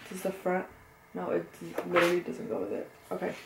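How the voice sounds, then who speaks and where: Her voice is on the low side, fairly quick, with vocal fry, as a young woman suffering a cold sniffles while unboxing an album and chatting casually to camera. She gushes excitably, seems confused often, and lets out sudden squeals and gasps. Faint background noise and room echo are present.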